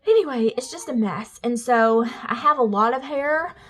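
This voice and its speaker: This family vlogger, a young woman from Southern Alabama, chats to her vlog camera at home while her kids are in the bath. Her voice sits a little high and moves a little slowly, with few pauses. Rambling and chatty, she leans on fillers and uses "y'all" and "like" constantly.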